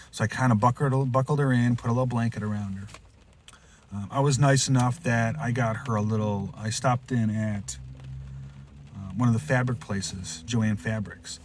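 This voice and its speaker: A man hosting a podcast, telling a rambling pet story in a casual way, restarting often and jumping into loud, high voices when he quotes someone. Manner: rambling, with frequent restarts and asides. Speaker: podcast host.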